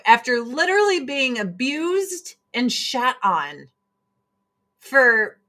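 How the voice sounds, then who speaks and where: A woman hosting a casual livestream, swearing freely and mimicking people in mocking voices as she rants and shows products. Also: a little high. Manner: profane, animated, mocking voices in quotes. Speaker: livestream host selling products.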